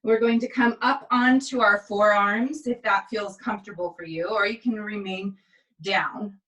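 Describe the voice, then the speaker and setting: A tired woman instructor calmly cueing pilates moves and counting through the reps, recorded on a camera mic a few steps away in an indoor studio. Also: mid-range voice, normal speed, recorded from a distance, low-quality recording. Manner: calm step-by-step cueing with counts. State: tired, yawning. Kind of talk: guided exercise instruction. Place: indoor exercise space.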